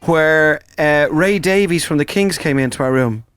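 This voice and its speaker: A middle-aged comedian from Ireland chatting as a guest on a radio show, animated and acting out the people in his stories. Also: fairly high pitch, moderate pace, clean tone, no echo. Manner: animated storyteller, acts out voices. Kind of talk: casual radio chat. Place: radio studio.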